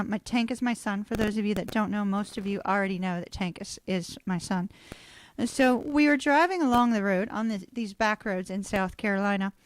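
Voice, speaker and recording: A woman's voice: fairly high pitch, no echo. A middle-aged woman, chatting through a live tarot reading and laughing often as she tells stories. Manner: chatty, storytelling, swears casually. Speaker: tarot reader.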